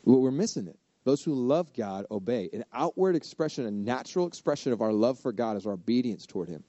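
A man preaches in a relaxed, conversational way. His voice is mellow and sits at an ordinary pitch. He acts out inner voices as he goes. The sound is dry and a little dull, like a lo-fi recording. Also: fast, no room sound. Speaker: pastor. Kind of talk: casual sermon.

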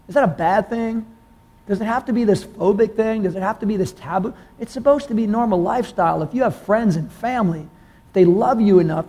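Male pastor, high voice, casual sermon, questions to the room, climbs higher when excited. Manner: conversational preaching, asks the congregation questions, rises in pitch when excited. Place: church room with congregation.

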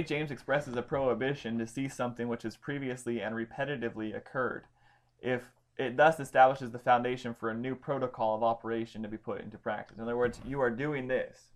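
A man leading a casual Bible study, explaining Greek grammar with emphasis and frequent ums. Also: medium pitch. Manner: informal, stresses key words, many ums and restarts.

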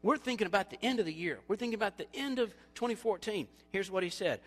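A male pastor preaching a sermon, animated and storytelling, acting out quoted voices, then dropping to quiet appeals. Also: sits high, quick pace, few pauses, big-room sound, soft background music.

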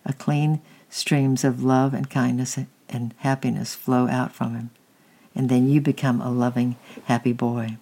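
A reader voicing a kind, patient aunt who gently comforts and coaxes a child and preaches a little. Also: mid-range voice, little pitch movement, measured pace. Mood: gently preaching.

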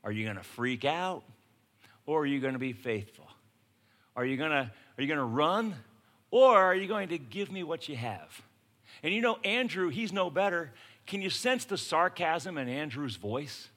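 A man preaching a sermon in a casual, conversational way, swinging from hushed lines to shouted ones. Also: on the high side, lively intonation, moderate pace. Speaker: pastor.

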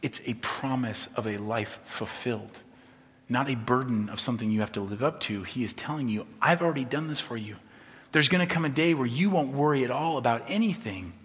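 A man preaching a sermon as a pastor, conversational and humorous, swinging from soft to emphatic. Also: medium pitch, expressive, fairly quick. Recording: long reverb of a large hall.

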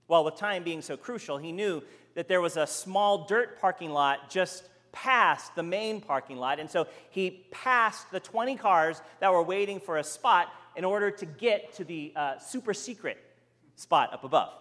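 Male preacher, story-driven sermon, lively pitch, large reverberant hall. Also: normal speed. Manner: animated storytelling, voicing the characters.

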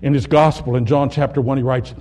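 A man preaching a sermon, reading scripture aloud, dropping to a near whisper and rising to loud emphasis, slowing down on key words. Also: mid-range voice, fairly even intonation. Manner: dramatic swings from hushed to loud, slows on key words.

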